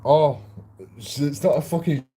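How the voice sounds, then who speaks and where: A man's voice: fairly high pitch, unhurried, dark tone, breathy edge. Grumbling sweary man. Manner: sweary, grumbling, rambling with restarts. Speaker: vlogger. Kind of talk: casual ranting monologue. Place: room in a shared house.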